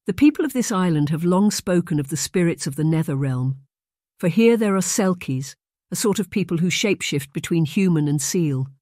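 Mousy kindly middle-aged aunt, soft-spoken, hushed stage whisper, dry close voice, read by a narrator. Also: medium pitch, expressive, normal speed, no room sound, natural voice. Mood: ominous.

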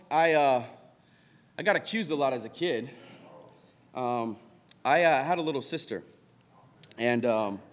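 A man preaching a midweek sermon, telling stories in an animated way and breaking into shouts. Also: on the high side. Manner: animated storytelling, bursts into shouts. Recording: reverberant hall.

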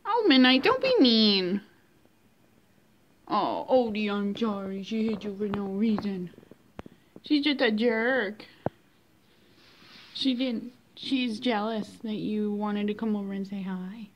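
A woman's voice: medium pitch, steady tone, slow pace, a little hiss or hum. A woman filming her cat at home on a phone, talking to it in a coaxing, sing-song baby-talk voice. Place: home indoors.

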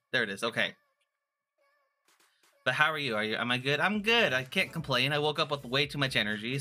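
A man's voice: medium pitch, pushed and bright. A man chatting casually on a live stream, playful and rambling, often restarting his sentences. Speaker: vtuber streamer.

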